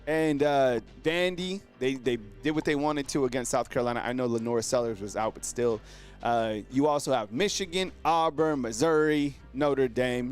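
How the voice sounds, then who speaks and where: A man hosting a casual live sports show, talking excitedly in slang to his viewers, heavy on fillers and exclamations. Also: medium pitch, normal speed, soft background music. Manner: animated, exclaims and addresses viewers as fam. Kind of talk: casual live-stream commentary.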